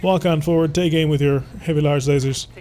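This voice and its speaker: A man with a slightly high, mellow voice and fairly even intonation talks briskly while playing a strategy game. His let's-play commentary is playful and theatrical, and he addresses the enemies directly.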